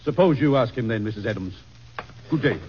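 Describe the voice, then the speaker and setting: A man's voice: medium pitch, expressive, brisk, slight background noise, lightly acted. An actor voicing a proud, hawkish statesman. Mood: indignant. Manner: stiffly formal, fiery when roused. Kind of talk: 1940s radio acting. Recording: dull old radio recording.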